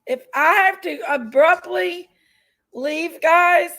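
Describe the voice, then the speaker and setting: A woman's voice: very high-pitched, slow, sharp tone, rough recording. A woman hosting a casual livestream, chatty and folksy, greeting viewers by name while feeling unwell with an upset stomach. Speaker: livestream host.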